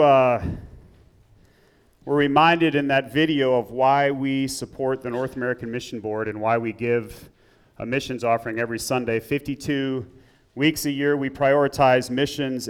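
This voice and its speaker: A man preaching a sermon in church, praying and then telling a story with rising emphasis. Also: smooth. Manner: earnest, builds up emphatically in the story, drops low and soft in prayer. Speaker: pastor. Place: church sanctuary.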